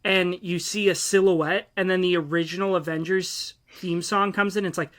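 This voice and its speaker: A young man with a bright, forceful voice, talking excitedly on a casual podcast. He rambles into tangents and fills gaps with ums and uhs. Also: high-pitched, normal speed. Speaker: podcast co-host. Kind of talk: casual chat.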